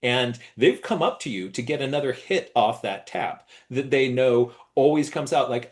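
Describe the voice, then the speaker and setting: A middle-aged man leading an online workshop, animated, acting out gushing praise in a high voice. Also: moderate pace, hardly any pauses. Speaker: workshop presenter.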